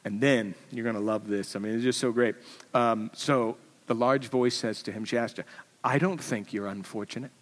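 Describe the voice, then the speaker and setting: Male pastor, animated storytelling sermon, wide dynamics, reverberant auditorium. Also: mid-range voice, normal speed. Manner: animated storyteller, swinging from loud to hushed. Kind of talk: Easter sermon. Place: church auditorium.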